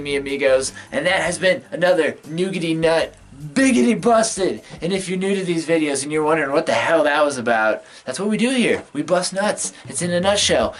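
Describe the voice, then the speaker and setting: Slangy, excitable man with a fairly high voice. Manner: slangy and excitable, jumps pitch for emphasis. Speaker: video host. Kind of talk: casual recap vlog.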